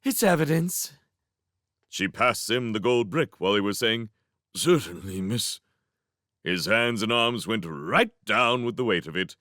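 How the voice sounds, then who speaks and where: A man reading a novel chapter aloud as a fan reading, narrating in an animated way. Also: on the low side, normal speed, few pauses, no room sound, clean studio sound. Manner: animated, voicing each character. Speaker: reader. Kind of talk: storybook narration.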